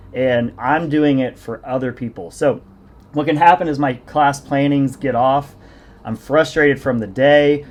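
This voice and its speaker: Rambling man coaching by story. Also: medium pitch. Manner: rambling, self-deprecating storytelling. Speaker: fitness coach and podcast host. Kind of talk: casual podcast conversation.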